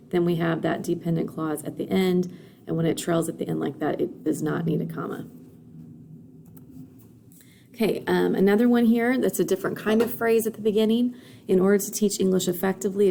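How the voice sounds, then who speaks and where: A woman's voice: on the low side, vocal fry, warm tone, slight background noise. A woman teaching a recorded grammar lesson, explaining patiently with frequent fillers and "okay?" check-ins.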